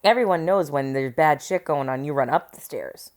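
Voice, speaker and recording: A woman co-hosting a casual movie-watching podcast at home, teasing her co-host with dry jokes while she has a cold. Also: sits low. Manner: teasing, dry, quick with jokes and mock quotes. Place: living room at home.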